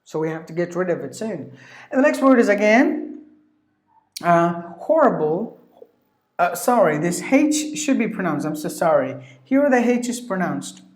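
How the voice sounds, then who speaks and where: A woman teaching English pronunciation who repeats each word slowly and spells out its letters. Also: on the low side, sing-song, darkish tone. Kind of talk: pronunciation lesson. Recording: echoey room.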